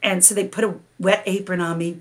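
A middle-aged woman, a podcast guest, telling a long personal story with lively energy and frequent laughter. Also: on the low side, brisk. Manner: animated, laughs often while telling a story. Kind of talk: storytelling in a conversation.

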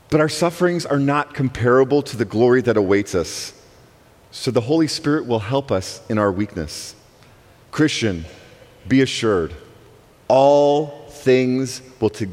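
Emphatic male preacher in a reverberant church. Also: medium pitch. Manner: emphatic, swinging between soaring and hushed delivery. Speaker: guest preacher. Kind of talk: sermon. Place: church sanctuary. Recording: long reverb of a church hall.

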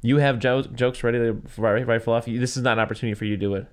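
A man's voice: mid-range voice, steady tone, very fast, clear, resonant tone. A man co-hosting a podcast, chatting casually with loose, profane banter. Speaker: podcast co-host. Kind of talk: casual chat.

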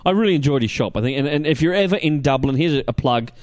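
An Australian man co-hosting a podcast, chatting casually in an animated, rambling way with plenty of fillers and restarts. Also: a little high, fast, dry recording, studio quality. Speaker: podcast co-host. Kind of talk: casual chat.

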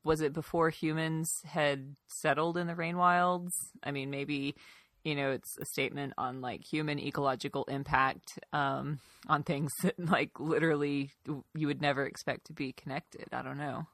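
A woman's voice: low-pitched, steady tone, moderate pace, fairly bright tone, no room sound, clean studio sound. A woman on a casual book-club podcast, thinking aloud in a rambling way full of "like"s.

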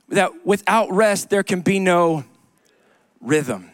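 A man's voice: high-pitched, lively intonation, slow, no echo, studio quality. A man preaching a sermon to a congregation in church, conversational, with joking asides and repeated key lines. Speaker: pastor. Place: church sanctuary.

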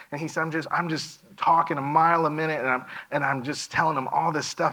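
A man's voice: on the high side, flat delivery, fast, hardly any pauses, bright, forceful tone, poor audio. A man giving a missionary presentation in a church, telling a story and acting out the dialogue of the people in it.

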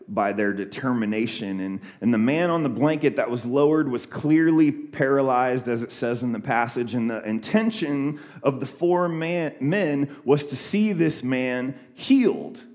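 A man's voice: medium pitch, measured pace, few pauses, a little mellow. A young adult man preaching a sermon, retelling a scripture story in a loose conversational way with many fillers and restarts. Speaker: pastor.

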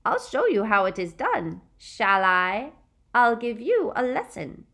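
A woman's voice: on the high side, big pitch swings, slow, a bit bright, pitched above the performer's own voice, full character voice. Bellatrix, a shrieking taunting witch. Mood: sneering menace. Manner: taunting sing-song mock baby voice, shrieking. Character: cruel gloating witch, adult woman, sadistic.

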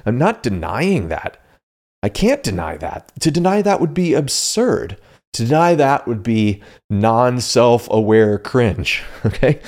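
A man's voice: mid-range voice, sing-song, unhurried, a little mellow. A man hosting his own podcast, talking casually and animatedly and laughing at himself now and then. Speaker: podcast host. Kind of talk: casual solo podcast talk.

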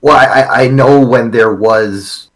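A man co-hosting a livestream, laid-back and halting, with many fillers. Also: mid-range voice, poor audio. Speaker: livestream co-host. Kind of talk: casual crude banter.

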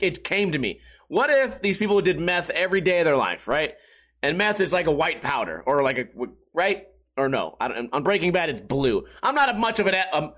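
Profane, sarcastic high-voiced man. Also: fairly bright tone. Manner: self-mocking. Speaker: podcast host. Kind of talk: casual solo podcast chat.

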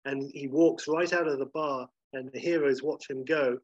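Pitching a comedy scene, this storyteller rambles casually, leaning on "like" and "you know." His mid-range voice holds a steady tone at a normal pace. The recording is slightly dull and lo-fi, without echo.

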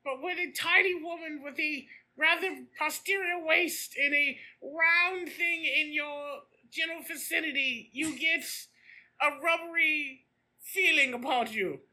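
A pompous mother of the old school, all archaic flourishes and lofty airs, as a man puts her on in a raised, bright voice. She talks in a hammy, theatrical sweep. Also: extremely high pitch, measured pace, voice pushed up, heavily acted, rough recording. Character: mock-posh old-fashioned mother, grandly theatrical. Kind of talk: comic improvised impression.

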